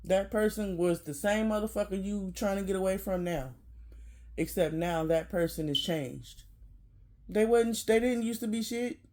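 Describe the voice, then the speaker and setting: A vlogger in a casual rant to camera, blunt and profane, often laughing, dropping to low mutters then bursting out loud. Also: normal speed, slight background noise.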